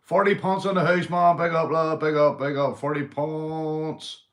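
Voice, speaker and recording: A Northern Irish man hosting a livestream, telling crude jokes, swearing and shouting out viewers. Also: on the high side, flat delivery, a little slow. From Northern Ireland. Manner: rowdy, swearing, joke-telling, reading viewer comments. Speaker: livestream host. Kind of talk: casual livestream chat.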